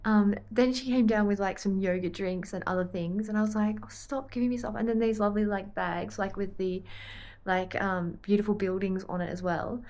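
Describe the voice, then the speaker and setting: A woman's voice: medium pitch, steady tone, moderate pace, darkish tone. Chatty Australian woman vlogging. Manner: chatty, rambling, easily sidetracked. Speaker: vlogger and triathlete. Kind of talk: casual chat to camera.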